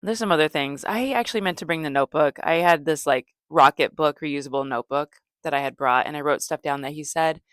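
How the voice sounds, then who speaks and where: A woman comedian hosting a podcast, telling stories in a deadpan, low-energy way, rambling with fillers and self-corrections. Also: fairly quick, hardly any pauses, no room sound, clean studio sound. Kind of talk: casual storytelling monologue.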